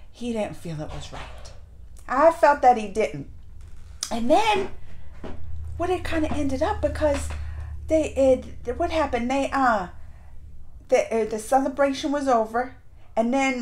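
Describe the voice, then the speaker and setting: A woman giving a casual, emotional reaction review of a TV series, rambling with many restarts and swinging between hushed and loud. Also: sits high. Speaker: show reviewer.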